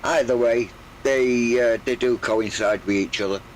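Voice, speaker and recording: Older male streamer, croaky, unhurried, meandering chat. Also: mid-range voice, steady tone, a little hiss or hum, low-quality recording. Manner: rambling, hesitant, full of pauses. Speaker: game streamer. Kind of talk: relaxed live gameplay chat.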